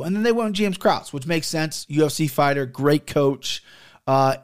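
A man in his thirties telling a heated story in a casual monologue, swearing often and talking from a home studio. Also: a little high. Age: 30s. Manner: animated, profane, heated storytelling. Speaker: podcast host and sports betting handicapper.

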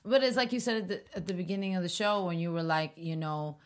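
A woman's voice: on the low side, animated, fast. A woman co-hosting a casual show, speaking reflectively and sometimes hesitantly. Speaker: podcast co-host. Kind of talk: casual chat.

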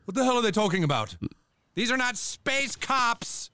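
A man's voice: very high voice, very animated, moderate pace, bright, forceful tone, clean tone, no echo, heavily acted. A man voicing an exasperated adult male cartoon townsman who talks in an incredulous, indignant outburst. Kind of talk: cartoon dialogue.

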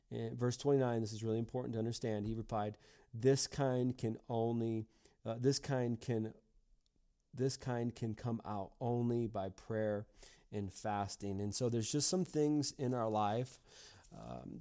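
A man's voice: medium pitch, mellow. A male pastor giving a devotional sermon, earnest, with frequent repeated words and fillers.

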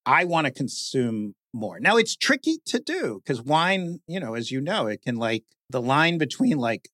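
A man talking in an animated, conversational way, his voice climbing and dipping a lot as he goes. He slips into mock announcer tones and fills his talk with "like." The sound is close and dry. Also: medium pitch, moderate pace, no echo. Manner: lively, mimics stiff announcer voices, says "like" often. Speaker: guest speaker, podcast creator.

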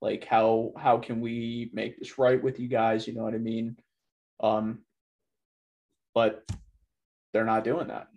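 A man talking in a loose, casual way, full of fillers like "like" and "you know", in a relaxed discussion. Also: medium pitch, slow pace, long pauses, muffled recording.

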